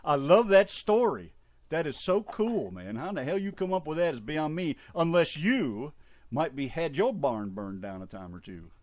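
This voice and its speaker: A man co-hosting a radio show, joking loudly and rowdily in a Southern-flavored drawl. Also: fairly high pitch, sing-song, moderate pace, no room sound. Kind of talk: casual radio banter.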